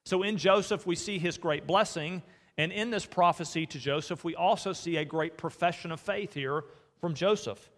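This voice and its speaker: A man delivers a sermon from the pulpit, earnest and personal, often turning to ask his listeners pointed questions. His voice sits slightly high for a man. It rings out in a church with a long, trailing reverb. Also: normal speed, fairly bright tone. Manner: earnest, asks the congregation direct questions. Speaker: pastor. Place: church sanctuary.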